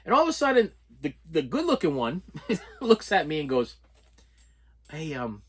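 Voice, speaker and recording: A middle-aged man casually telling stories while unboxing movies, animated, laughing often and stumbling over repeated words. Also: fairly high pitch, moderate pace, long pauses, breathy edge. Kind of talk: casual storytelling vlog.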